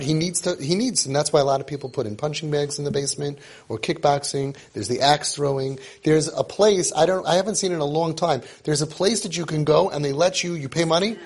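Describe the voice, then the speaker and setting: Coaching parents in a loose lecture style, this man has a higher voice with a breathy edge. He hammers his points home through repetition, slips in Hebrew and Yiddish words, and voices both parents and children when quoting them.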